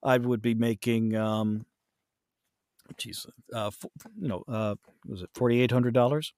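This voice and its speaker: A man talking casually about his narration work, wandering through his points with plenty of ums and restarts. His voice sits at an ordinary middle pitch. The sound is dry and close, with no room echo. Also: steady tone, unhurried, a little mellow. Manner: rambling, many fillers and restarts. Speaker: audiobook narrator guest. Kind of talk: casual interview chat.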